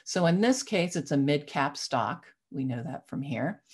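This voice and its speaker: A woman hosting a market analysis show, methodically explaining chart indicators and clearing her throat now and then. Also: low voice, animated, unhurried, darkish tone. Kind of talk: explaining stock charts to viewers.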